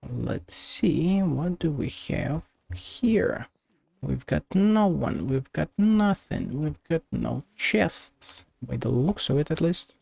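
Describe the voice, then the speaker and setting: A man's voice: a little high, expressive, slow pace, vocal fry, darkish tone, breathy edge, no echo. A man streaming a video game, chatting casually and swearing offhand at what happens on screen.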